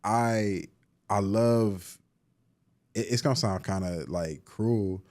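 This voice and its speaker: A therapist and poet in his thirties from Cleveland, Ohio, appears as a guest in a casual interview, telling stories in slangy speech full of restarts and filler words. His voice is fairly low, slow, and darkish in tone.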